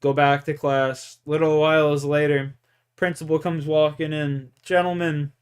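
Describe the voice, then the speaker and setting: A man's voice: fairly high pitch, level tone, unhurried, smooth. A young man from Canada telling rambling, profane stories in casual chat. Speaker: gaming streamer. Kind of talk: casual storytelling.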